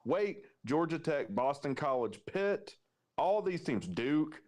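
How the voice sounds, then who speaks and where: A man's voice: a little high, very animated, slow pace, a little mellow. A man hosting a sports podcast, ranting heatedly and swearing freely in casual talk. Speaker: podcast host.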